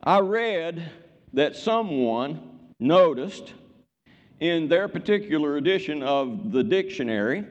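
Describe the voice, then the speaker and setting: An older man preaching a sermon in a church, folksy and joking, calling out for amens from the congregation. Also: fairly high pitch. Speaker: pastor. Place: church sanctuary. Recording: muffled church recording with long reverb.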